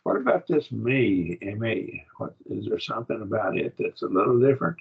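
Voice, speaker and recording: Male teacher, low husky voice, patient classroom explainer, lo-fi recording. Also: expressive, normal speed. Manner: patient, explaining step by step with frequent checks. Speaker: Greek grammar teacher. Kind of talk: classroom lesson.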